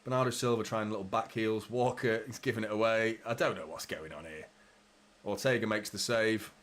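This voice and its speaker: A man's voice: fairly low pitch, a little fast, a bit bright. A young man hosting a live football watchalong, commentating with frustration, swearing and talking to his viewers. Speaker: fan channel host.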